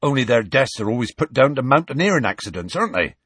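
A man voicing a huge, gruff male half-giant groundskeeper who grumbles and turns defensive, with rustic grammar. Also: medium pitch, very animated, fast talker, a bit bright, dry recording, pitched above the performer's own voice.

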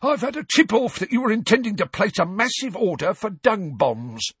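Shrill, spiteful old caretaker, hissing and furious, as a male narrator puts him on; storybook reading, dry recording. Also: sing-song, moderate pace, fairly bright tone, breathy edge, no echo, exaggerated voice. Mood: accusing.

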